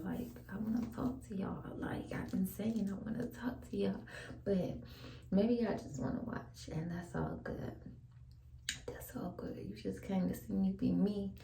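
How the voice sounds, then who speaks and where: A woman's voice: medium pitch, gravelly, warm tone, reverberant, rough recording. A young woman, whispering a laid-back, chatty vlog at home while she brushes her teeth and washes her face. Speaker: vlogger. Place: home bathroom.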